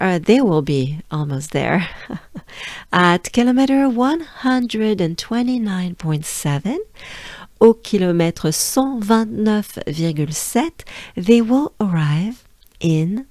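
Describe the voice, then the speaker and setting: French woman, middle-aged, unhurried pronunciation teacher, dry close sound. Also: medium pitch, darkish tone, no room sound. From France. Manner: repeats words slowly and patiently, laughs lightly. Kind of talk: slow pronunciation lesson.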